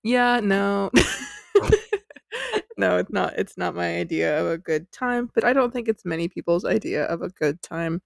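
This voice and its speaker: A woman hosts a podcast in a chatty, giggly way, poking fun at herself as she tells the story. Her voice sits a little low and carries a gravelly fry. It is recorded close and dry, with no room sound. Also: normal speed, no room sound. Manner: chatty, giggly, self-deprecating. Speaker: podcast host.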